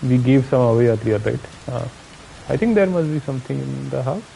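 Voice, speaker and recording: A man's voice: mid-range voice, fairly quick, creaky, dark tone, slight background noise, rough recording. A man from India with an Indian accent, giving casual commentary on his own gameplay, muttering to himself and chatting with viewers. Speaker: streamer.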